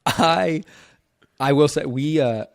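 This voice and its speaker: A man's voice: a little high, slow, creaky, dry recording, clean studio sound. A man hosting a casual sports podcast, easygoing and agreeable, laughing along with his guest. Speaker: podcast host.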